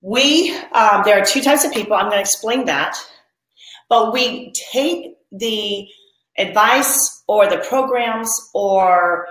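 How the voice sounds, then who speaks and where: A woman's voice: mid-range voice, slow pace, a bit bright, roomy sound, low-quality recording. Upbeat woman coaching moms live. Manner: reads viewer comments aloud and leads a spoken pledge. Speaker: mom coach hosting a live online workshop. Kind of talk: live-streamed motivational coaching.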